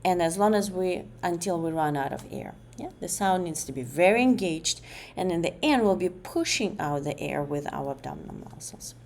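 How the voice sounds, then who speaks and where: Low, dark-voiced woman demonstrating voice exercises. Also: lively intonation, moderate pace, gravelly. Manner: hesitant, many fillers and restarts. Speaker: student presenting an exercise.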